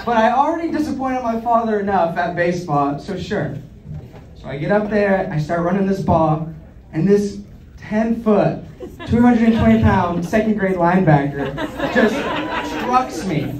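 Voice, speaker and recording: A man in his twenties tells self-deprecating stories in a high, animated voice. He is heard from a distance in an echoey comedy club, with the crowd laughing loudly around him. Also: moderate pace. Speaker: stand-up comedian. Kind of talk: stand-up comedy storytelling. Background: audience laughter.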